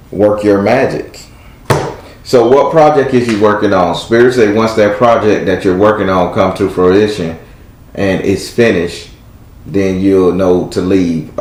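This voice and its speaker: Low-voiced tarot reader, male, blunt and preachy, echoey room. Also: darkish tone, slight background noise. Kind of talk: live tarot reading.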